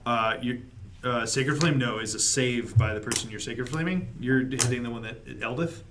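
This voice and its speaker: A man's voice: mid-range voice, moderate pace, noisy background. A man narrating and ruling as game master for a tabletop game, laughing often as he talks.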